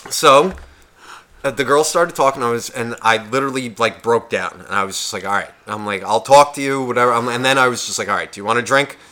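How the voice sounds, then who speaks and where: A man's voice: mid-range voice, fast. A man co-hosting a podcast, telling a bar story in casual chat, swearing a lot and acting out what others said. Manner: profane, animated, quotes others in shifting voices. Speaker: podcast co-host.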